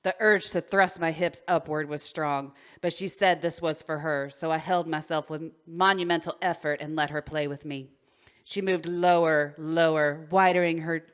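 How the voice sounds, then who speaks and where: A woman's voice: low voice, clear, resonant tone. A woman co-hosting a podcast, reading a story aloud, stumbling over words and breaking into giggles. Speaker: podcast co-host.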